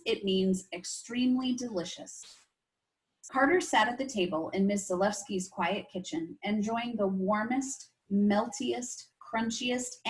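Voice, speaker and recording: A woman's voice: medium pitch, poor audio. Woman teacher reading a story aloud. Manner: expressive, asides to young listeners. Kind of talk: reading a chapter book aloud to a class.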